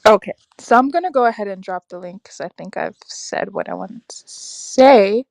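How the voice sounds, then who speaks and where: A young woman hosting a casual livestream, reacting aloud to her chat with lively, exclamatory talk. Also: mid-range voice, moderate pace, creaky, dry recording. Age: young adult. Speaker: livestream host reading chat. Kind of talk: casual live-stream chat.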